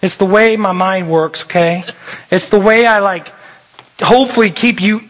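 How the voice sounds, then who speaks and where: A young man, a youth pastor, preaching a lively, jokey sermon and often shifting his voice. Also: high voice, normal speed. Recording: dull lo-fi recording.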